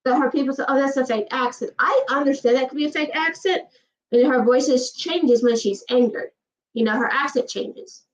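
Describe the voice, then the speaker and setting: A woman from Georgia with a Southern accent, talking emphatically in casual chat as host of a livestream. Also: sits high. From Georgia, USA. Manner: fast, emphatic, repeats herself. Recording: distant, dull livestream audio.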